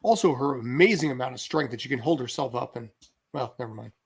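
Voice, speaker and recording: Man, husky, casual film commentary, relaxed, chuckling, throat clearing. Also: mid-range voice, quick pace. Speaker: watch party co-host.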